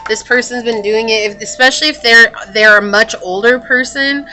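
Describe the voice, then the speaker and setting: A woman's voice: on the high side, normal speed, bright, forceful tone. A woman giving a casual tarot reading to her viewers, chatty and full of fillers and restarts. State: hiccups. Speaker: tarot reader.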